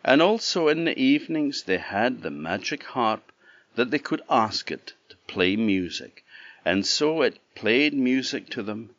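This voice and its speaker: A man from the Orkney Islands, telling a traditional fairy tale in an animated, conversational way with asides to the listener, on a dull, dry lo-fi recording. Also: medium pitch, measured pace, no room sound. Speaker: storyteller. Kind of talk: traditional oral storytelling.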